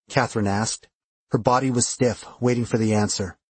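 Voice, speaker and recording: A man narrating first-person fiction in a steady, expressive way on a close studio microphone. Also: medium pitch, normal speed, slightly rough, no echo. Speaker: audiobook narrator.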